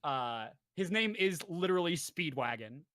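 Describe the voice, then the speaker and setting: A young man casually recapping a show for his co-hosts, rambling and jokey, slipping into quick character voices. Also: on the high side, lively intonation, fairly bright tone, no room sound. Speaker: podcast host presenting slides.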